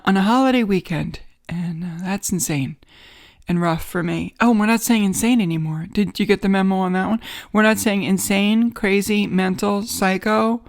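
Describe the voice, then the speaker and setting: A woman with a New York accent hosting a podcast, giving a wry, sarcastic, rambling comedic monologue from a home studio in a guest bedroom. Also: mid-range voice. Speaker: podcast host.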